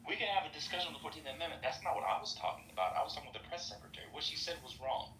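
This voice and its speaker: A man's voice: a little high, sing-song, rapid-fire, bright, forceful tone, recorded from a distance. A man hosting a political podcast, debating heatedly and pressing the same pointed questions again and again. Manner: combative, repeats pointed questions. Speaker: podcast host. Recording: echoey room with noise, off-mic.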